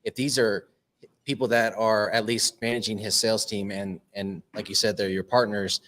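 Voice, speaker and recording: A man's voice: lowish voice, fairly even intonation, normal speed, a bit bright. A man hosting a podcast interview, agreeable and affirming as he chats with his guest. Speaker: podcast host.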